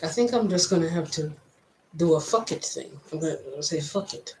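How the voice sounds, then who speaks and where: A woman with a mixed American and Jamaican accent, talking to camera in a personal vlog, reflective and halting as she thinks aloud. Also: sits low, a little mellow, a little hiss or hum, low-quality recording. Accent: mix of American and Jamaican. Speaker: vlogger.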